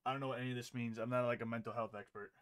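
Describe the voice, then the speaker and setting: A young man does reaction commentary on clips as a streamer, racing along in a fairly bright, mid-range voice with little pitch movement. His rant is profane and incredulous, punctuated by disbelieving laughter.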